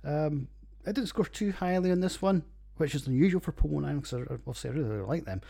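A man's voice: a little high, animated, fast, gravelly, mellow. A man with a Scottish accent hosting a casual solo podcast, rambling and jokey with plenty of swearing. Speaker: podcast host reviewing beers.

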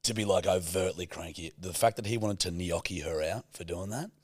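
A man's voice: low voice, brisk, husky, dry recording, studio quality. A man with an Australian accent, co-hosting a podcast in casual banter, swearing freely and cracking puns. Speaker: podcast co-host.

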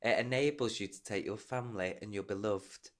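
A man's voice: lowish voice, a little fast, fairly bright tone. A man hosting a podcast in casual chat, gossipy and theatrical, with playful mock outrage. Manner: camp, gossipy, dramatic outbursts. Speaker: podcast host.

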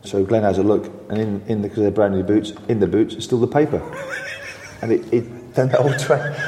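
Speaking fairly quickly in a voice on the low side, a man in his sixties who once played football shares anecdotes as an interview guest. He's animated, chuckling, and full of restarts; the reverberant room audio carries a little hiss or hum.

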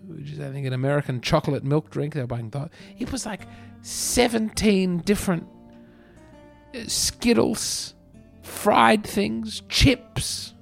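A man's voice: a little high, creaky, darkish tone. An Australian man hosting a comedy podcast, telling meandering stories in a dry, self-mocking way. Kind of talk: rambling comedic podcast monologue.

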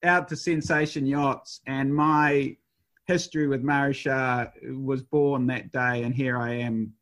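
A man's voice: medium pitch, level tone, unhurried, a bit bright. A man in his fifties, a race skipper, telling stories in a rambling way with lots of fillers and restarts. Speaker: professional sailor, race skipper. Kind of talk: conversational storytelling.

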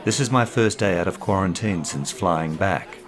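A man's voice: deep voice, normal speed, a crowd in the background, lightly acted. A man doing a cool, teasing young woman. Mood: breezy. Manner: teasing, composed. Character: confident young woman, a cool con artist.

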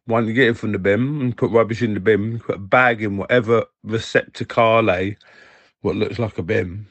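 A man's voice: on the low side, steady tone, moderate pace, a bit bright, breathy edge, dry recording. Cheeky man leaving a voicemail. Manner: gossipy, cheeky, talking while eating. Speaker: caller. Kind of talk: casual voicemail.

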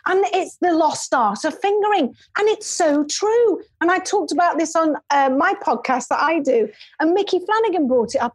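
A woman, a podcast guest telling lively stories in casual chat, laughing often. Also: high voice, moderate pace, hardly any pauses, no room sound. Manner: animated storyteller, laughs often.

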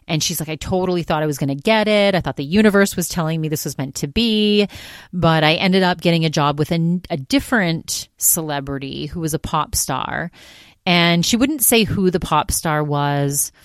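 A woman's voice: low voice, normal speed, smooth, dry recording, studio quality. A woman hosting her own podcast, casually recapping another show and retelling what was said in a chatty, quote-heavy way. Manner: chatty retelling, constantly quoting others with "she's like". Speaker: podcast host.

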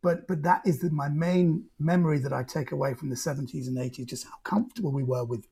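A man, a podcast guest telling stories in an animated way, full of restarts. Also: on the high side, fast talker, creaky, husky. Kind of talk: casual storytelling.

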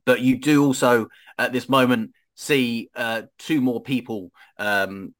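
A man's voice: medium pitch, fairly even intonation, unhurried. A man narrating as game master of a tabletop game, hesitant and full of fillers.

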